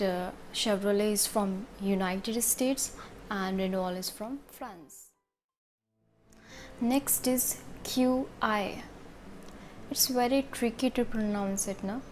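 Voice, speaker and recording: A woman explaining how to pronounce words, repeating each one slowly and carefully. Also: medium pitch, steady tone, darkish tone, slight background noise. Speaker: pronunciation teacher. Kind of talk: instructional video explanation.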